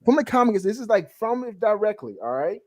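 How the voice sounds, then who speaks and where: A man from the Southern United States hosting a casual comic-review podcast, animated and joking, with frequent laughs and restarts. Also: high voice, fairly quick, no room sound, studio quality. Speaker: podcast host. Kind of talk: casual chat.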